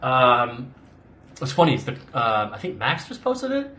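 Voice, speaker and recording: A man's voice: mid-range voice, wildly swooping pitch, measured pace, pushed and bright. A young adult man answering viewer questions in a casual live stream, rambling with lots of "like" and restarts. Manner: chatty, rambling, frequent "like" and restarts. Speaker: actor hosting a live Q&A.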